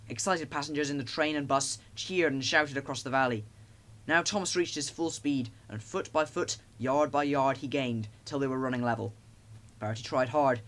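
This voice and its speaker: A man reads a children's storybook aloud with lively expression. His voice sits in an ordinary middle range, neither deep nor high. The telling is steady and clear. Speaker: narrator. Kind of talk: storybook narration.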